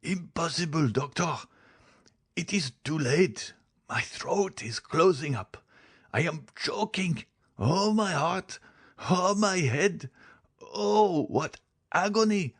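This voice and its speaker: A man's voice: on the high side, expressive, slow, slightly rough, voice pushed up, exaggerated voice. A man voicing a dying old male servant in agony, speaking in a strained, gasping way as he reads a storybook. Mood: agonized.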